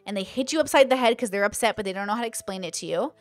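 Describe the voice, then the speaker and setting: Woman, casual livestream chat, chatty, lively quoted voices, faint music behind. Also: medium pitch, very fast, no echo. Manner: animated, acts out quoted voices; chatty, thinks aloud with many fillers. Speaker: online content creator.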